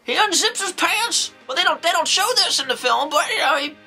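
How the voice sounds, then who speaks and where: A woman doing a high, bright-voiced old nun. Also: lively intonation, brisk, soft background music, full character voice. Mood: rambling, amused. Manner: rambling, folksy exclamations, jumps into acted quotes. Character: eccentric old nun, folksy and excitable. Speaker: horror movie reviewer. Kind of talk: in-character comedic movie review.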